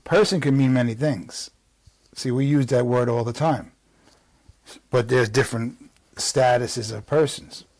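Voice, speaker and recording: A man's voice: medium pitch, a little slow, pauses often, a little mellow, no room sound. Man with a New York accent, dry sound. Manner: conversational, with frequent restarts and asides. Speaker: legal strategy instructor. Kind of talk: reading and explaining legal texts.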